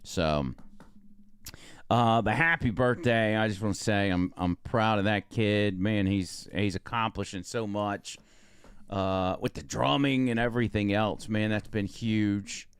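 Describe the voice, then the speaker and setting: A man's voice: fairly low pitch, a little slow, smooth, dry recording. A man, co-hosting a podcast in casual, rambling chat. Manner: laid-back, rambling with fillers. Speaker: podcast co-host.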